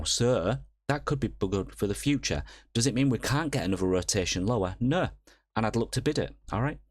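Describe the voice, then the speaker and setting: A man's voice: sits low, no echo. A man hosting a casual crypto market update, walking through charts and often checking in with viewers with "okay?". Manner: chatty, checks in with viewers with "okay?" and "all right?". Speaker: crypto trader and channel host.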